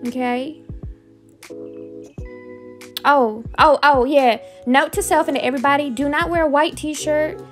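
Goofy high-voiced young woman vlogger. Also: fairly even intonation, measured pace, long pauses, faint music behind. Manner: goofy, self-mocking, chatty. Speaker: beauty vlogger. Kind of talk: casual voice-over tutorial.

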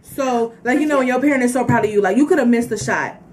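A woman's voice: fairly high pitch, quick pace, darkish tone, slight background noise. A young woman vlogging casually, rambling and filling her talk with "like". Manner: rambling, says "like" often. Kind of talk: casual chat.

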